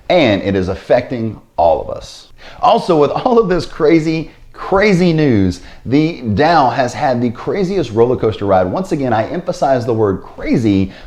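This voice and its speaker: A man's voice: medium pitch, a little mellow. A man hosting his own investing vlog, talking casually to camera with sarcastic asides and a habit of repeating stock phrases. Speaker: finance vlogger.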